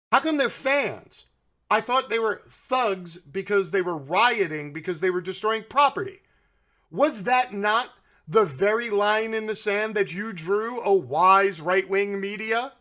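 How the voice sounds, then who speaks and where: A man's voice: high voice, sharp tone. Sarcastic ranting male commentator. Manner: sarcastic and mocking, swears freely. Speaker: political commentary host.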